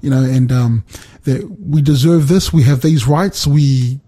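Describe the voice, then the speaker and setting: Husky, mellow man explaining scripture. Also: mid-range voice, unhurried. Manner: explanatory, checks in with "right?" and "you know". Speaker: Bible teacher. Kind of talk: casual Bible discussion.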